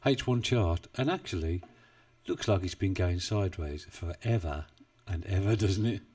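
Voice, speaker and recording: Chatting casually on a trading live stream from his home desk in the UK, this man rambles, pokes fun at himself, and chuckles often. His voice is low-pitched and darkish, at a moderate pace. He sits far from a poorly placed desk mic.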